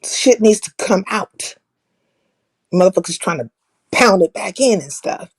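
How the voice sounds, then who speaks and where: A woman's voice: mid-range voice, animated, unhurried, husky. A woman hosting a live stream, giving a blunt, profane monologue and laughing at her own jokes. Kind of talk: casual opinionated monologue.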